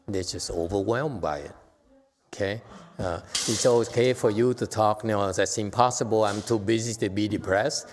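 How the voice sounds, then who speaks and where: A man, a Buddhist meditation teacher, giving a Dharma talk to a class, earnest and growing emphatic. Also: low voice. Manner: earnest, grows emphatic and animated, with laughs. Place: temple hall. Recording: long reverb of a hall.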